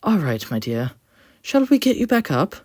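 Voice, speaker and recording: A storyteller voicing a kind, polite male steam engine who speaks calmly and gently, with a little rambling. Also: medium pitch, normal speed, dry recording, studio quality, pitched above the performer's own voice. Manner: soft-spoken, warm, slightly rambling.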